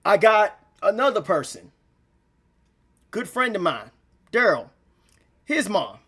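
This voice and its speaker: Brief: young male vlogger, high voice, rambling heartfelt monologue, on the edge of tears. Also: big pitch swings, takes it slowly, sharp tone, slightly rough. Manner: rambling, repeats himself, slangy. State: near tears. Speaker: gaming channel vlogger. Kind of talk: emotional unscripted monologue.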